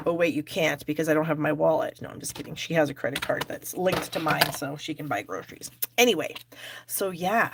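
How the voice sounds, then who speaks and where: A woman's voice: lowish voice, a little hiss or hum. A middle-aged woman hosting a live card-making class, chatting and joking at her own expense while she works. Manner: chatty, self-deprecating, talks while working. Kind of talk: live craft demo with viewer chat.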